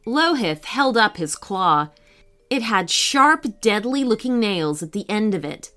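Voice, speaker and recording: Slow, bright-voiced woman storyteller. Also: mid-range voice. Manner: expressive, storytelling. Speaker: narrator. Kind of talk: children's storybook reading. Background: faint music.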